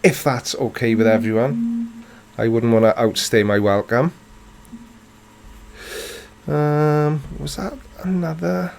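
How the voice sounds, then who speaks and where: A man's voice: medium pitch, slow, creaky, pauses often, a little mellow. A man in his forties from South Wales with a Welsh accent, hosting a live stream and answering chat in a dry, self-mocking, playful way. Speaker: livestream host reading chat.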